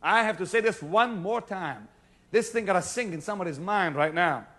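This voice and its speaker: A male pastor preaching a sermon to a congregation, shouting some lines and dropping to a near hush on others. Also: high voice, lively intonation, moderate pace. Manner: preaching with sudden shouts and hushed stretches. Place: church before a congregation.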